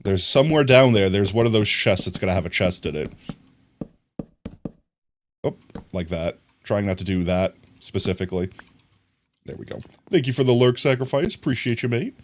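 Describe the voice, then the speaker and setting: A lowish-voiced man speaks at a moderate pace with lively intonation and long pauses as he streams a block-building game, chatting with viewers, answering chat, and humming "bam bam." Slight background noise sits under this casual commentary.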